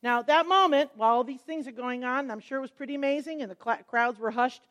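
A middle-aged woman with a high-pitched voice speaks fast while teaching a Bible lesson. She tells the stories expressively and acts out the quotes.

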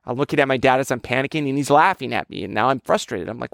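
A man preaching a sermon, telling a childhood story in a lively, conversational way. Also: mid-range voice, rapid-fire, gravelly, no echo, studio quality. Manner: storytelling, animated with childhood anecdotes. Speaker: pastor.

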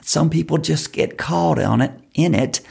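An instructional talk from a speaking coach with a deeply gravelly, husky voice. The delivery is slow and deliberate, with wide swings in pitch. Key words get repeated for emphasis. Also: darkish tone. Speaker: public speaking coach for fundraisers.

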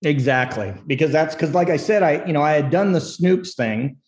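Animated storytelling man with a higher voice. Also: moderate pace. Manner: animated storyteller, acts out quotes, laughs often. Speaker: screenwriter guest. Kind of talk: candid storytelling interview.

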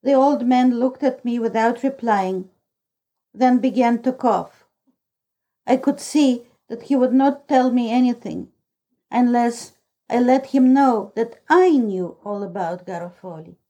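A woman narrates a classic novel as a storybook reading, measured and even. Her voice is mellow and warm, set a little high, and she takes her time. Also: dull audio. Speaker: audiobook reader.

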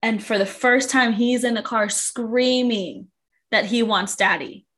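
Female podcast co-host, animated casual chat, slightly high voice, fillers. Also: unhurried. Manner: animated, leans on "like".

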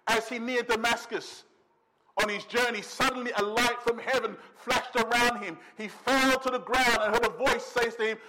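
A man preaching a sermon as pastor, emphatic, slowing down to stress words and dropping to a quiet intensity. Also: very high voice, steady tone.

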